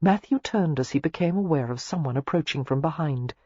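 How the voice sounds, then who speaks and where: An audiobook narrator reading a romance novel in a measured, even way, recorded on a close mic. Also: medium pitch, husky, dry recording, muffled recording.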